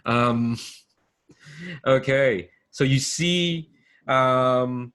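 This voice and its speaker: An excitable man running a tabletop role-playing game as game master, often laughing. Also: lowish voice, measured pace.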